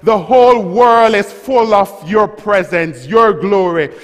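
A man preaching a sermon, leading the church in call-and-response and rising to shouts. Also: high voice, slow pace, in a large hall. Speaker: pastor. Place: church sanctuary.

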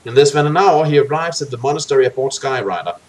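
Animated man reading a gamebook aloud. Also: medium pitch, fast. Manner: animated, expressive reading with joking asides. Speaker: let's play host.

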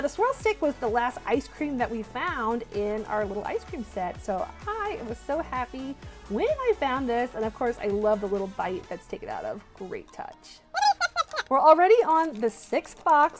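A woman hosting a toy unboxing vlog, gushing and squealing with excitement, talking to viewers as "you guys". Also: sits high.

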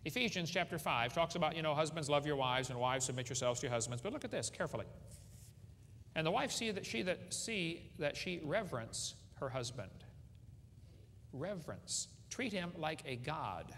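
A middle-aged man gives a folksy, joking seminar sermon with a high voice that swings widely in pitch. The sound rings with long hall reverb over a faint background hum. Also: animated, moderate pace, a bit bright. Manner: folksy, joking, asks the audience questions. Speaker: creationist speaker. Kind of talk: humorous seminar preaching to a live audience.

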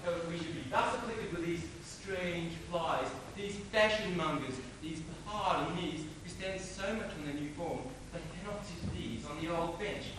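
A young man acting a quick-witted, mocking swordsman in a stage play, theatrical with sudden shouts. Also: a little high, close to an everyday voice. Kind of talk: amateur stage acting of classic verse. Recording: echoey hall, far, noisy old tape.

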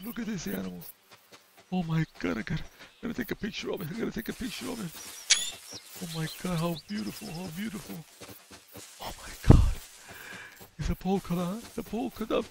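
A man's voice: sits high, gravelly. A man hosting gameplay commentary, gushing and over the top, repeating himself as he talks. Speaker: gaming channel host.

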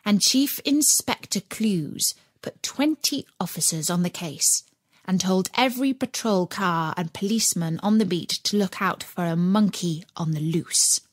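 A woman narrating a children's audiobook in an expressive storytelling way. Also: lowish voice, measured pace, no echo.

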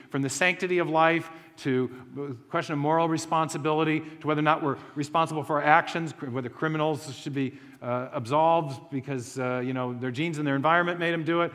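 A man's voice: on the high side, fairly bright tone, big-room sound. A man giving a conversational lecture to a live audience, with joking asides and frequent restarts.

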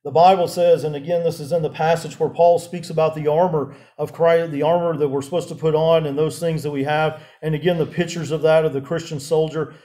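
A man preaching a sermon as pastor, halting and full of fillers and restarts. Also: a little high, flat delivery, mellow.

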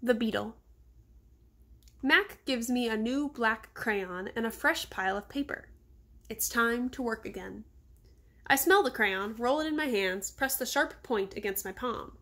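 A woman calmly reading a children's novel aloud. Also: fairly high pitch, unhurried. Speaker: reader.

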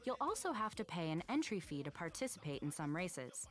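A woman's voice: lowish voice, big pitch swings, a little fast, faint music behind. A woman voicing a friendly in-game guide who explains racing rules in polished scripted narration. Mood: guiding.

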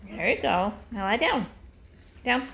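A woman's voice: fairly high pitch, animated, unhurried, gravelly, noisy background. A woman vlogging on her farm, chatting casually and cooing at her dogs in a singsong voice, laughing easily. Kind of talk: casual talk to dogs and camera.

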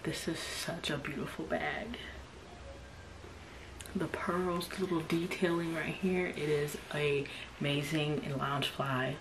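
Kids can be heard playing outside while an unboxing vlogger records at home, amid background noise. Her voice sits low and level, and she takes it slowly with long pauses, excitedly chatting about a new bag and frequently slipping into a whisper.

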